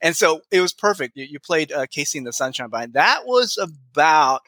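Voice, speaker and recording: A man's voice: fairly high pitch, animated, normal speed, sharp tone, dry recording. Chuckling middle-aged male guest. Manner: rambling, chuckling, many fillers. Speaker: guest author. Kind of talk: casual interview chat.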